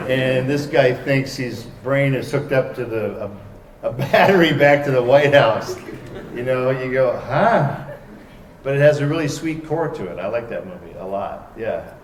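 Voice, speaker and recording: A man on a convention stage telling wry, animated anecdotes to a live audience, acting out the dialogue in them. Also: mid-range voice, slight background noise. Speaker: convention panel guest. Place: large convention arena stage. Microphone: heard from far off by a camera in the hall. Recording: echoey hall recorded from far off.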